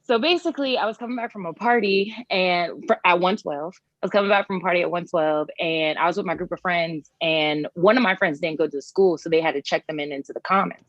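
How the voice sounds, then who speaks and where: A young woman on a chat panel, telling a personal story in an animated way with many "like" fillers. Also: lowish voice, fairly quick, hardly any pauses, no room sound. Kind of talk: casual chat. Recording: slightly dull, dry sound.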